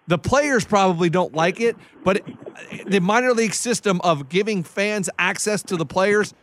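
A man co-hosting a casual podcast, telling an animated story with quick restarts and stammers. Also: high voice, slight background noise. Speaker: podcast co-host. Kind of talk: casual chat.

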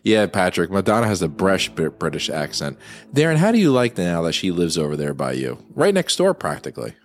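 A man's voice: low-pitched, huge pitch swings, a little fast, faint music behind. A man co-hosting a movie watchalong, joking crudely and laughing a lot. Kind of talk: casual chat over a film.

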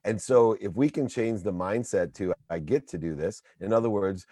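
A man's voice: on the low side, moderate pace, mellow, dry recording. A man in his forties, a guest, giving emphatic motivational talk in punchy lists.

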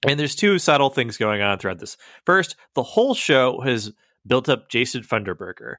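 A man's voice: mid-range voice, sing-song, moderate pace, fairly bright tone, no room sound. A young man in casual chat, recapping a cartoon with many fillers and laughs. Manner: rambling, filler-heavy, laughs while telling.

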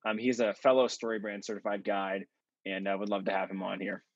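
Man, podcast guest, animated storyteller, husky voice, dry muffled sound. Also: fairly low pitch, a little fast, no echo. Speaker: podcast guest, marketing consultant. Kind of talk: storytelling interview answers.

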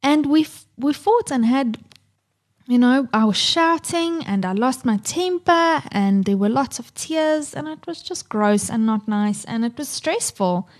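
Candid swearing woman podcaster, high voice. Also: expressive, a little slow. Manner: candid, swears freely, acts out her kids' voices. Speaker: podcast co-host. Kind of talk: casual chat.

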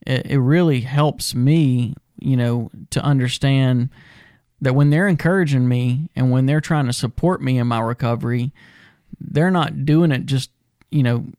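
A man with a smooth, resonant voice speaks earnestly and reflectively about recovery and stumbles over restarts now and then. He sounds close and dry, with no room echo. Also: mid-range voice, a little mellow. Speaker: podcast co-host in recovery. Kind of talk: casual conversation.

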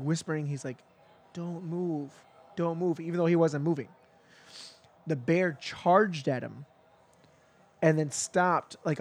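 A man's voice: fairly high pitch, husky. A man telling a long story in a casual chat, rambling with lots of fillers and acting out quoted lines.

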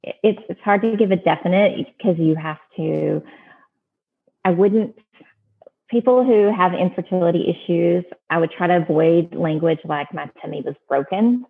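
A woman's voice: lowish voice, normal speed, creaky, breathy edge. A woman giving earnest, plainspoken advice in casual talk, often restarting her sentences. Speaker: adoption advice guest. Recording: phone-like narrow band.

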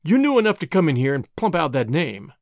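A gruff, suspicious middle-aged man barks and snarls each line with lively swings in pitch. A man reads him aloud in a storybook. The sound is dry and close, with no room around it. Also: a little fast, dry recording. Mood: angry. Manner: snarling, barking.

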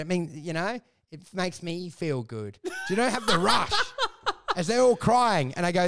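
Gravelly high-voiced Aussie comedian riffing. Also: male voice, normal speed. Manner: animated riffing, acts out mock dialogue, swears. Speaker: podcast co-host. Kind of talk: casual comedic banter.

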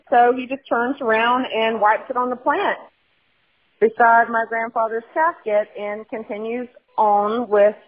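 Woman's voicemail over a tinny phone. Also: a little high. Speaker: caller leaving a voicemail. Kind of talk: voicemail story.

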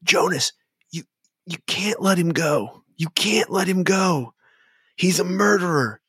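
A man's voice: high-pitched, animated, measured pace, a bit bright, breathy edge, dry recording, pitched above the performer's own voice, exaggerated voice. A man voicing an enraged young swordsman in a tabletop game, pleading and accusing in a raised voice. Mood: furious pleading. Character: young man, furious, vengeful, desperate.

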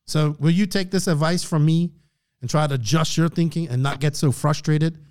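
Podcast host, male, fairly high voice, preachy motivational rant with frequent throat clearing. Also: fairly even intonation, normal speed, a little mellow.

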